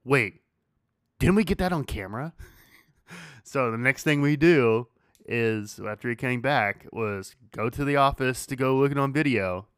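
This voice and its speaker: A man's voice: fairly low pitch, a bit bright, clean tone, no room sound, clean studio sound. A man hosting a podcast, casually telling a story, swearing freely and laughing as he goes. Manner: laid-back, swears freely, laughs through his story. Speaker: podcast host.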